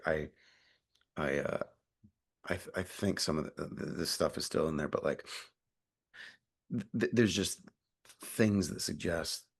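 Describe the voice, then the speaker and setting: A young adult man talks through an interview in a deep, low register with a gravelly, fried edge. His voice is a little husky, and he rambles, restarting sentences and stacking up fillers. He swears casually as he goes. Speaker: actor being interviewed.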